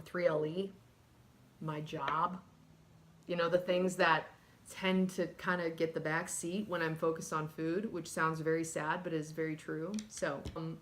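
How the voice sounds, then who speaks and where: Earnest woman vlogging in an echoey room. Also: sits low. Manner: earnest and emotional, casual with fillers. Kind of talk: candid personal vlog.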